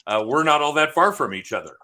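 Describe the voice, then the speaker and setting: A man's voice: on the high side, animated, fast talker, pushed and bright. A man hosting a podcast over a video call, talking in a loose, jokey, chatty way and laughing often. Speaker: podcast host and sales coach. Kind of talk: casual chat.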